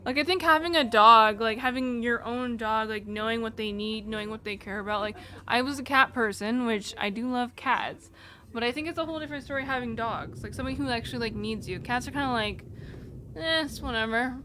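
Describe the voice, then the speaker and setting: A woman's voice: fairly high pitch, fairly quick, bright, forceful tone, slight background noise. A young woman live streamer telling a personal story in a casual, rambling way, full of "like" and casual swearing, between reading chat. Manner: rambling, candid, fillers like "like" throughout.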